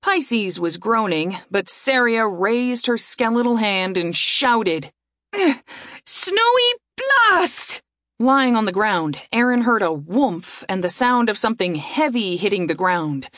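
A woman narrating a fantasy audiobook in a steady storytelling voice. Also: medium pitch, unhurried, few pauses, no room sound, studio quality.

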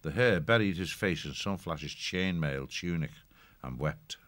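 A man narrating an audiobook in a steady, measured storytelling style. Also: deep voice, no room sound.

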